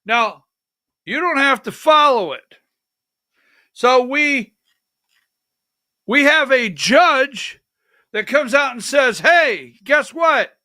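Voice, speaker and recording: Man, talk show host, heated commentary, smooth clear voice, slow emphatic pace. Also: very high-pitched, dry recording, clean studio sound. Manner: animated and indignant, slow emphatic delivery.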